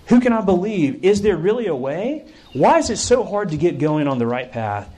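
Brief: flustered young camper, acted by a male preacher; quick, rising, fretful lines. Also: medium pitch, lively intonation, darkish tone, slightly rough. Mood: pleading.

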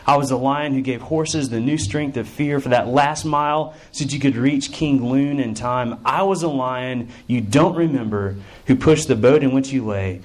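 A man voicing a mysterious, gentle great lion as he tells a story in a sermon, speaking slowly and solemnly. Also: close to an everyday voice. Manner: slow, low and measured.

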